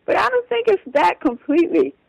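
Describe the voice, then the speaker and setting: A woman's voice: extremely high pitch, big pitch swings, fairly quick, creaky, darkish tone, dry recording, rough recording. A woman from Chicago, a guest author on a radio interview, answering in a thoughtful, musing way. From Chicago, USA.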